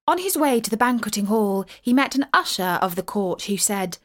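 A woman reading a medieval tale aloud in a steady, clear storytelling voice. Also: on the high side, moderate pace, hardly any pauses.

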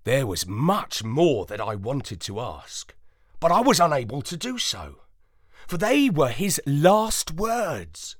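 A storyteller reading a playful storybook in the first person, in an expressive, unhurried manner. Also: medium pitch, dry recording, clean studio sound. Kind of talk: storybook narration.

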